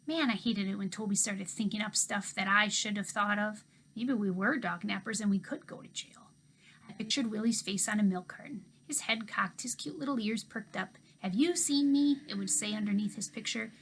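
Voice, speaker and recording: A woman teacher reading a children's novel aloud in expressive first-person storytelling. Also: medium pitch, slight background noise.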